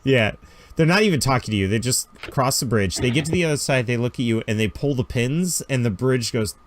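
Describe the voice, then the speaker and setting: A man narrating a tabletop game as game master, lively and playful, with spoken sound effects. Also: medium pitch, brisk, a little hiss or hum.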